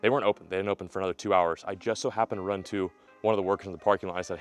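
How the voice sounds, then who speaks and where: A man narrating a fishing vlog to camera outdoors by a remote lake, energetic and jokey. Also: deep voice, rapid-fire, hardly any pauses, soft background music. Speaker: fishing vlogger.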